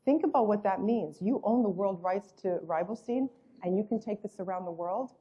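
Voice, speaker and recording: A woman's voice: mid-range voice, moderate pace, husky, lo-fi sound. A woman presenting a network marketing business and its products, speaking emphatically, with repeated superlatives and a storyteller's habit of acting out quotes. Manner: acts out quoted voices in storytelling. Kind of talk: sales presentation.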